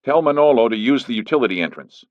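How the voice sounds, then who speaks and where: A man's voice: medium pitch, expressive, quick pace, no room sound, pitched above the performer's own voice, natural voice. A man voicing a firm, defensive leading man. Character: firm middle-aged man, a lawyer. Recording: dull lo-fi recording.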